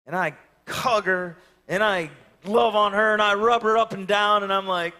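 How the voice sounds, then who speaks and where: A man in his thirties preaching a sermon and telling a story, swinging from loud calls to hushed near-whispers. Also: high-pitched, fairly even intonation, normal speed, long reverb tail. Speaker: pastor.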